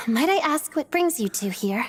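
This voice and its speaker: A woman's voice: a little high, expressive, measured pace, a little hiss or hum. A woman voicing a reserved, proud young female performer in a video game, curt and formal. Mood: aloof. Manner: cool, curt, sighing, formal.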